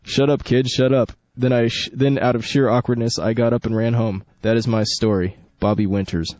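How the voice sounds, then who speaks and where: A man's voice: mid-range voice, flat delivery, brisk, darkish tone. A young man hosting college radio, rambling, joking and correcting himself while he reads a story. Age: young adult. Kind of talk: casual radio chat and reading a story. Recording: dull dry lo-fi studio with faint music.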